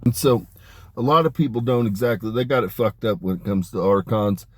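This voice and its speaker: A man talking in a rambling, emphatic monologue about spiritual matters, dropping his voice low on asides. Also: a little fast, slightly rough, dry recording. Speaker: spiritual channeler. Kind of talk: casual spoken monologue.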